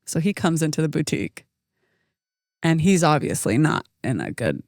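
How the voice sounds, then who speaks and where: A young adult woman, a podcast co-host, telling a story in casual chat, animated and laughing often. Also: deep voice, moderate pace, no echo, clean studio sound. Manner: animated, laughs often, acts out quoted voices.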